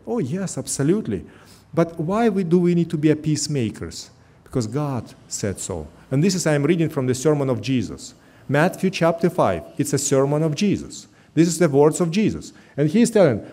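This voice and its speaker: A middle-aged pastor delivers a sermon, his voice rising and falling in lively swings. His tone is dark and mellow, and he leans earnestly on slow, stressed phrases. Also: fairly high pitch. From Russia.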